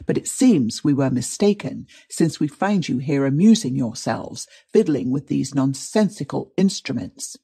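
A man's voice: mid-range voice, lively intonation, a little slow, vocal fry, few pauses, mellow, husky, heavily acted. A man voicing an impulsive, scornful, anxious mother in an audiobook, talking in an indignant, reproachful way. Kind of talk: audiobook reading.

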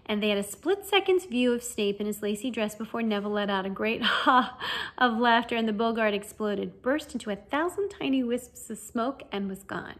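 A woman's voice: on the high side, moderate pace. Woman reading a storybook aloud. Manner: lively, expressive reading. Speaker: audiobook reader. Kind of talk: storybook narration.

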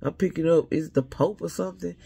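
A man's voice: a little high, quick pace, vocal fry, dark tone, husky. A man giving a casual spiritual reading to his viewers, rambling and talking straight to them while often second-guessing his own words.

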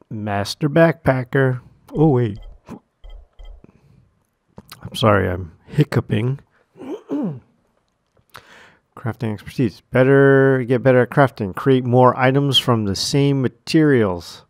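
A man's voice: medium pitch, gravelly, no room sound. A man giving casual, joking commentary while he plays a video game and reads menu options aloud. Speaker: gamer. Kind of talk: let's play commentary.

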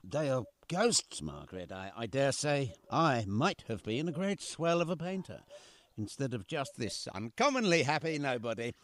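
A man's voice: medium pitch, sing-song, normal speed, lightly acted. Guy doing a dreamy, fond painter father, radio play, lots of lilt, mid voice. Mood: reflective. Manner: warm, whimsical, reflective musing. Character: gentle, fond artist father, middle-aged man. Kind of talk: amateur radio play acting.

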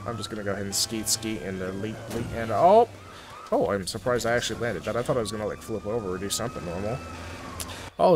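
Goofy, excitable young male gamer. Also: on the low side, background noise. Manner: goofy, excitable, jokey banter to viewers. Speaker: gaming YouTuber. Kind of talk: playthrough commentary. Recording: commentary over loud game music. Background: game music and sirens.

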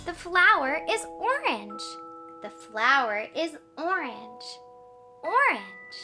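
A woman's voice: high-pitched, big pitch swings, takes it slowly, over music. A woman teaching toddlers, talking right to the child in a sing-song, exaggerated and encouraging way. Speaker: children's educator.

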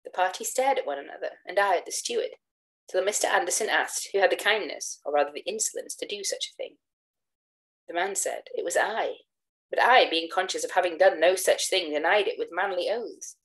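A woman giving a dramatic reading of a classic tale, acting out the dialogue with shifts of pitch. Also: fairly quick, a bit bright, rough recording. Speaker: reader of gothic tales.

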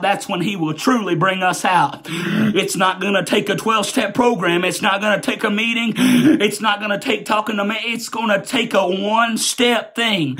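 A man delivers a Pentecostal holiness sermon in a strikingly high, husky voice. His preaching is fervent and repetitive, rising again and again into shouted declarations.

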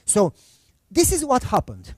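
A man's voice: very high-pitched, huge pitch swings, a little slow, dry recording, studio quality. A middle-aged male pastor preaching a sermon, telling a personal story in a conversational way and acting out the dialogue. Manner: conversational, acts out quoted dialogue.

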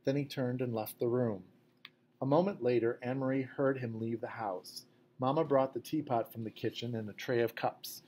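Man, audiobook narration, measured, quiet, average pitch, faint background noise. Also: steady tone. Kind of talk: scripted narration.

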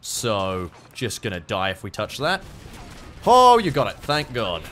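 A young Australian man giving let's-play commentary, excitable, swearing and yelping at the action on screen. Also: medium pitch, measured pace. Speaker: gaming YouTuber.

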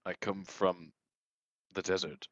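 Man player, low pitch, sharp tone, measured delivery, lo-fi recording. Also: steady tone, no echo. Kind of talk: casual tabletop role-play.

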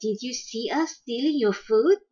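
A woman's voice: fairly high pitch, animated, unhurried, warm tone, slightly rough, highs cut off. A woman voicing a sly male shrew father who denies and challenges, in a storybook reading. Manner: denying, challenging.

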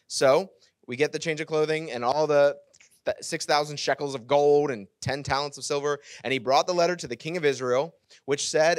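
Male pastor, sermon, animated storytelling, fairly high voice, dry close sound. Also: moderate pace, dry recording. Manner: animated storytelling, casual asides.

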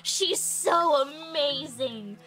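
A woman streaming a video game, chatting casually, excitable and giggly with rambling fillers. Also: high-pitched, extremely slow, soft background music. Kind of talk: casual gaming livestream chat.

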